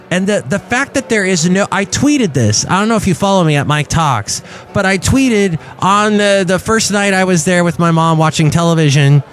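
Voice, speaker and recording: A man hosting a podcast, telling rambling comic stories in casual chat. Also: fairly high pitch. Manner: rambling storyteller with a lively, bouncing delivery and many restarts. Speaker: podcast host. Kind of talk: casual comedic monologue.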